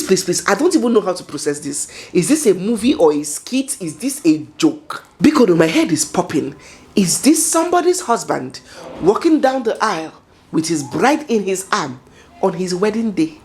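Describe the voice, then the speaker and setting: Lively Nigerian woman vlogger. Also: medium pitch, normal speed. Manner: dramatic, talks to herself, laughs often. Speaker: vlog commentator. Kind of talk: animated commentary vlog.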